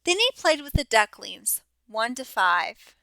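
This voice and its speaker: A teacher reading a children's storybook aloud, slowly and expressively. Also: female voice, on the high side, very animated, creaky, bright, forceful tone, no room sound.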